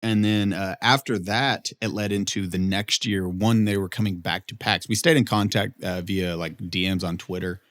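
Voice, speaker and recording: A man's voice: low-pitched, moderate pace, few pauses. A young man, a podcast guest, telling a story in casual chat and acting out what people said. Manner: animated storyteller, acts out quotes with big jumps up.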